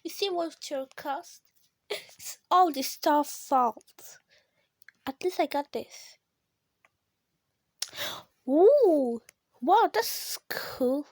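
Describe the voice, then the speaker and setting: A woman with giving casual, excitable commentary while playing a mobile game, gasping and shrieking at close calls. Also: high-pitched, slow, no echo. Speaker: gamer.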